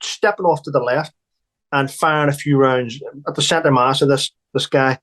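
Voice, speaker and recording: A man's voice: medium pitch, steady tone, normal speed, a bit bright. Blunt, profane army veteran man. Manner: blunt, profane, emphatic with restarts. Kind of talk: recounting war stories.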